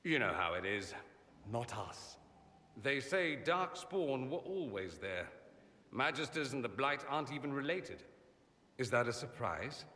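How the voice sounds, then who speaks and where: A man's voice: mid-range voice, big pitch swings, a little slow, sharp tone, big-room sound. An actor voicing a witty, vain male mage in a video game, sardonic and theatrical, by turns playful and grave. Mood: bitter.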